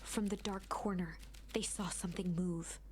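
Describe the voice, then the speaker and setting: A woman narrating a story game aloud in a hushed, suspenseful reading voice. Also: fairly low pitch, steady tone, moderate pace, slight background noise. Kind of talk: scripted narration read aloud.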